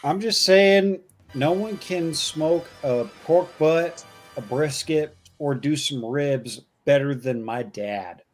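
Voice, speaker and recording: A man's voice: on the high side, slow pace, faint music behind. A man from the rural South chatting casually, wry and stumbling into his points. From rural American South. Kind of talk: casual group chat.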